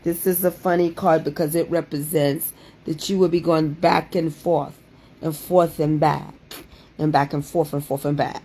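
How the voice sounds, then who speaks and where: A woman's voice: low-pitched, steady tone, normal speed, mellow, husky. Dramatic woman exclaiming. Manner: dramatic, exclaiming, repeats phrases in a sing-song way. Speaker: livestream host doing card readings. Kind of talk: playful livestream chat.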